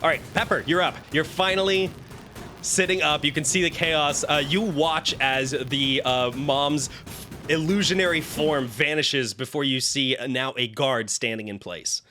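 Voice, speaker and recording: A man narrating and ruling as dungeon master of a tabletop game, quick and teasing. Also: fairly high pitch, bright, forceful tone, faint music behind.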